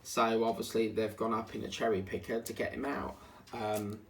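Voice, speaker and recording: While working on a diamond painting at home, a man chats casually and grumbles in asides. He speaks at normal speed in a fairly low, vocal-fried voice with little pitch movement, recorded on a distant mic with faint background hiss.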